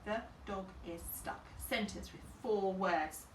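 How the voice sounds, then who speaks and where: A woman teacher in a phonics lesson for young children, slowly sounding out each word and talking herself through it. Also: medium pitch. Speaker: infant school teacher. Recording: roomy and a bit distant, faint background hum.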